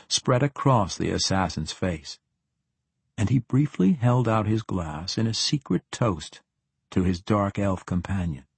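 Low, husky male audiobook narrator. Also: dry recording. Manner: steady, measured storytelling. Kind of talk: scripted fantasy narration.

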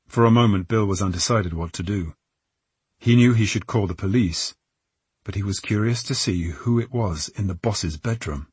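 A male audiobook narrator tells the story at a measured, tense pace. His voice is low and husky. The sound is dry and close to the microphone. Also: no room sound. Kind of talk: scripted narration.

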